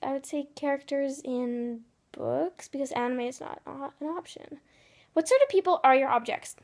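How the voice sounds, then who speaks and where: A woman's voice: sits high, moderate pace, vocal fry, darkish tone. A teenage girl vlogging casually about her day and reading quiz questions aloud in a chatty way. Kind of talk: casual vlog narration.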